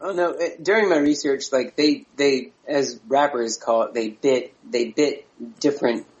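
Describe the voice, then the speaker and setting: A man's voice: mid-range voice, a little slow, muffled recording. A man co-hosting a casual music podcast, chatting loosely and laughing as he mimics misheard lyrics. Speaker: podcast co-host. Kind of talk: casual chat.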